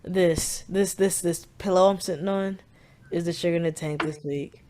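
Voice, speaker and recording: A woman's voice: fairly low pitch, steady tone, moderate pace, dark tone. A woman in her twenties with a Southern US accent, co-hosting a podcast in frank, profane casual chat full of "like". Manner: frank and profane, heavy use of "like". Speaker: podcast co-host.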